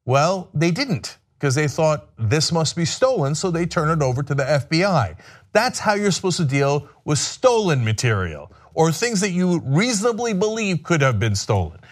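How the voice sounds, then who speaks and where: Sarcastic, animated male commentator. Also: a little high, normal speed. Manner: sarcastic, mocking. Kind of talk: political commentary.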